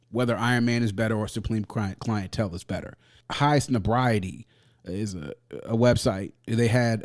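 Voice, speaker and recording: A man hosting a music review podcast, talking in a casual, slangy, animated way and laughing often. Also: on the low side.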